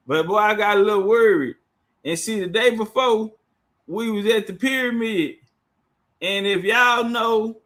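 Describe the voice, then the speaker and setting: High-voiced man telling a rowdy story. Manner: animated, profane, laughs often while telling. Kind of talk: casual storytelling monologue.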